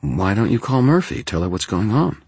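A man voicing a sharp, skeptical young woman who presses with quick, insistent questions. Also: medium pitch, big pitch swings, creaky, slightly rough, no room sound, voice pushed up, exaggerated voice.

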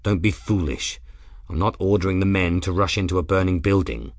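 A man voicing a stern, controlled male airship captain in an audiobook, speaking in a clipped, measured, formal way. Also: low-pitched, no echo, studio quality. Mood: firm.

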